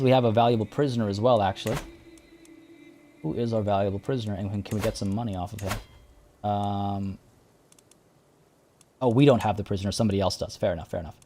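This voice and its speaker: A man's voice: fairly low pitch, fairly even intonation, fast, long pauses, dark tone, a little hiss or hum. A man streaming a strategy game, talking casually to his chat as he plays. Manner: chatty, thinking aloud and answering chat. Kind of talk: casual live-stream commentary.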